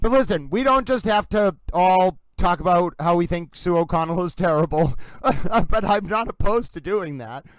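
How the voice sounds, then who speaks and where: A young man hosting a casual livestream, chatty and excitable, rambling and wired from caffeine. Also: high-pitched, moderate pace, few pauses, smooth, dry recording, poor audio. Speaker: livestream host.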